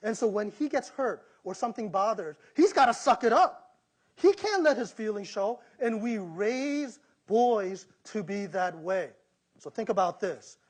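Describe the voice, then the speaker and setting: A middle-aged pastor delivers a lively sermon in a fairly high voice for a man. He talks straight to his listeners and acts out the voices he quotes. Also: unhurried. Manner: animated preaching, acting out quoted voices.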